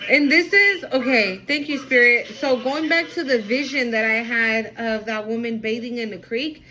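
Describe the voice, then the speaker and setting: A woman's voice: on the high side, normal speed, pushed and bright, faint music behind, low-quality recording. A woman giving a heartfelt intuitive card reading, speaking straight to her viewers and slipping into Spanish now and then. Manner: earnest, emotional, addresses viewer directly; switches into Spanish at times. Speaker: spiritual card reader.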